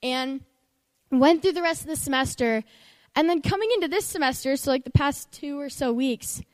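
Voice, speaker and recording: High-voiced young woman, candid testimony. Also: no echo, in a large hall. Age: young adult. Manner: emotional, candid, halting. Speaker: student speaker. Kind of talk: personal testimony.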